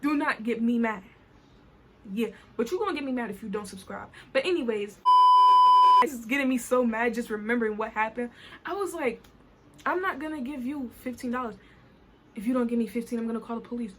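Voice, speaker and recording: A young woman with a Caribbean accent tells an indignant, animated story in a casual vlog. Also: fairly high pitch, fast talker, a little hiss or hum. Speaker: vlogger. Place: New York.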